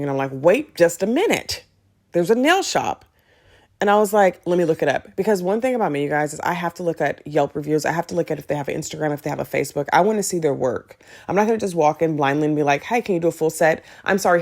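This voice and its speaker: A woman hosting a podcast, telling a personal story in a chatty, animated way and acting out the dialogue. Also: deep voice. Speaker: podcast host. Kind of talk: casual storytelling monologue.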